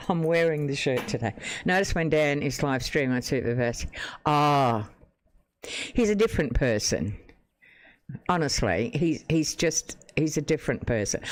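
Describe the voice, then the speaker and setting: A chatty man talks to his stream audience at a mid pitch, drifting from thought to thought and breaking into laughter now and then. He speaks into a desk microphone at home. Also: a little slow. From Australia. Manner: chatty and rambling, laughs often, restarts sentences. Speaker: live streamer. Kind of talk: casual live-stream chat with viewers. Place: home room.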